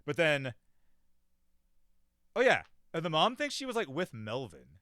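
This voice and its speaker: Young guy rambling about a cartoon, bright clear voice, bouncy pitch, dry close mic. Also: huge pitch swings, unhurried, dry recording. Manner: rambling, lots of "like", swears, mimics characters. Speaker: podcast host reviewing a cartoon. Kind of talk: casual chat.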